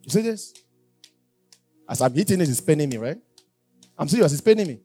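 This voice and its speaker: A male preacher delivering a sermon, emphatic and repetitive, moving between loud exhortation and quiet asides. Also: a little high, very animated, brisk, breathy edge, faint music behind.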